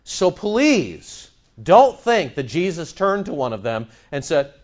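Male pastor, sermon delivery, slightly high voice, unhurried and emphatic. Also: very animated, muffled recording. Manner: emphatic, swings between loud stress and soft asides.

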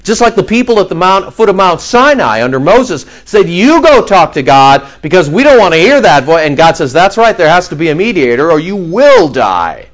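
A male pastor delivers a sermon with a lively, swinging pitch that sits a little high for a man. He works through a scripture passage and keeps breaking into quick acted asides in the voices of the crowd.

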